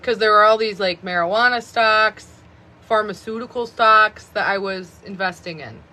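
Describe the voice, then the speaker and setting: Bright chatty woman around 30 on a phone live stream, rambles on, like, a lot. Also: mid-range voice, normal speed. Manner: rambling, chatty, many fillers of "like". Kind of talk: casual live stream chat.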